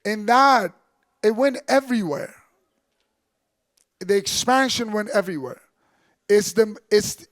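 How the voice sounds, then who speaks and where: Guy giving a religious talk, pretty high voice, really dry close sound, gets loud then drops way down as he tells the story. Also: no echo. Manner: animated storyteller, quotes figures in dropped voice. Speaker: Islamic lecturer.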